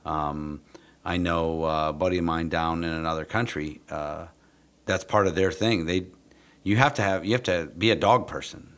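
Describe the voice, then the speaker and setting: A man hosting a casual podcast chat about police dogs, talking in a relaxed, conversational way. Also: low-pitched, moderate pace.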